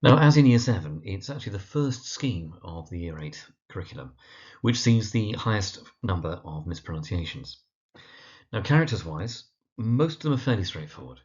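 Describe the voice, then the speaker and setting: Male teacher with a low voice for a pronunciation lesson, careful and deliberate, dull lo-fi sound. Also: sing-song, a little mellow. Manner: careful, repeats each name slowly and deliberately. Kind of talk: instructional pronunciation guide.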